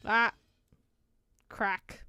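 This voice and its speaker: A woman's voice: drawn-out words, sharp tone, dry recording, soft background music. A woman reading a visual novel aloud and chatting casually between lines, swearing freely. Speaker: streamer.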